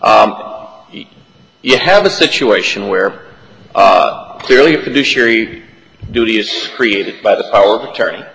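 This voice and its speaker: A man's voice: on the low side, expressive, measured pace, vocal fry, fairly bright tone, slight background noise. A man serving as an appellate judge, methodically probing counsel with questions during oral argument. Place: large courtroom. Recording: reverberant courtroom.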